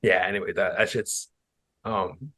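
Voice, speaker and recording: A young man hosts a podcast, chatting casually in a slightly low voice. He tells stories with animated imitations of the people involved, jumping up into higher voices. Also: a little slow, no echo. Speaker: podcast host. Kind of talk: casual chat.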